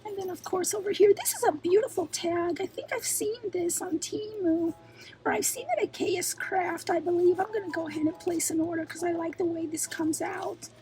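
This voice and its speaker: A woman's voice: very high voice, steady tone, fairly quick, mellow, a little hiss or hum. A woman hosting a craft channel, chatting through an unboxing, gushing and exclaiming often and wandering off on tangents. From New York. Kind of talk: unboxing vlog chat.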